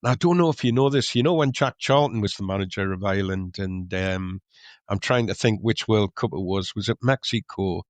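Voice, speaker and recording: Lowish halting male podcast voice. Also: no room sound. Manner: halting, restarts often. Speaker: podcast co-host. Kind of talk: casual storytelling chat.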